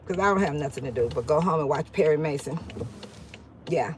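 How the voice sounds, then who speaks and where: A woman giving a casual walking-tour vlog, chatty and repetitive with sudden loud exclamations, recorded on a handheld phone while driving and walking outdoors. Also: low-pitched, expressive, a little fast, noisy background. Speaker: local vlogger.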